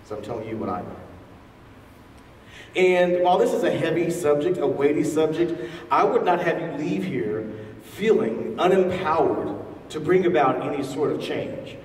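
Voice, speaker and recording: A man's voice: fairly high pitch, sing-song, moderate pace, darkish tone, distant mic, slight background noise. Man speaking in an echoey hall. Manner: engages the audience with questions. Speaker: featured speaker. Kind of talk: public talk to a live audience.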